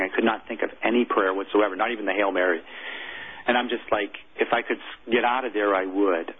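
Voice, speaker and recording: A former military chaplain, a man, telling a personal story in an interview, earnest and halting. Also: fairly low pitch, slightly rough. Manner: earnest, halting, emotional recounting. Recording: tinny phone-like audio.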